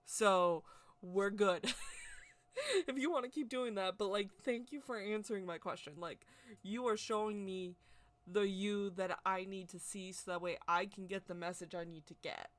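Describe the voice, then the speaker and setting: A woman vlogger telling a personal story in a casual, rambling, excitable way, with constant "like" fillers. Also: mid-range voice, moderate pace. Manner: chatty, rambling, heavy use of "like"; excitable, animated retelling. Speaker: witchcraft vlogger.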